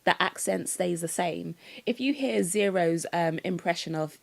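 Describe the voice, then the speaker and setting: A woman's voice: fairly low pitch, unhurried, creaky. A British woman chatting casually on a livestream, laughing easily as she talks.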